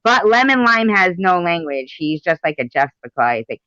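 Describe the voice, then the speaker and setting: A woman with a low, lively voice, crude and teasing, who laughs at her own jokes. She hosts a casual live-stream chat while a little stoned. The sound is dry and a bit dull. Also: normal speed, no echo.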